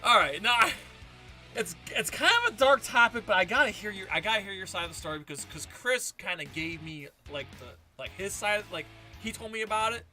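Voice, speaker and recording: A man's voice: sits high, expressive, fairly quick, sharp tone, soft background music. A man co-hosting a show, chatting casually and exclaiming as he tells stories. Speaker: podcast co-host. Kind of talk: casual chat.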